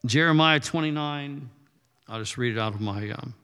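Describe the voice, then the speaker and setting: A man's voice: mid-range voice, moderate pace, bright, forceful tone, clear, resonant tone. A male pastor preaching a sermon in a loose, conversational way, often repeating words as he goes. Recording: reverberant hall.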